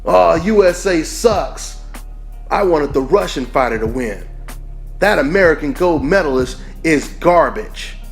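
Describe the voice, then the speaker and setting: A man's voice: fairly high pitch, animated, measured pace, faint music behind. A man putting on the voice of a scornful, biased male boxing fan, in a mocking and dismissive tone.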